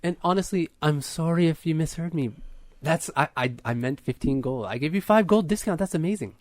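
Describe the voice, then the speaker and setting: A man's voice: a little high, brisk, a little mellow, dry recording, studio quality, voice pushed up, lightly acted. A man voicing a female construct woman who speaks in a sultry voice and haggles over payment. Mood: insistent.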